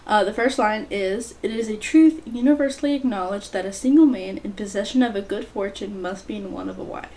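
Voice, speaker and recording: A woman's voice: mid-range voice, a little fast, hardly any pauses, warm tone, slight background noise. A woman hosting her own book vlog in a casual, chatty way, reading short passages aloud between light asides. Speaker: book vlogger, channel host.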